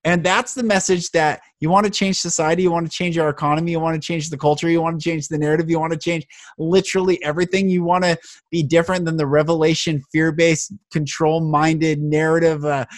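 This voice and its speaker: A man hosting a conversational podcast, telling stories with animated emphasis. His voice sits somewhat high. The sound is dry and close to the mic. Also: brisk, no echo. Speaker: podcast host. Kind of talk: casual conversation.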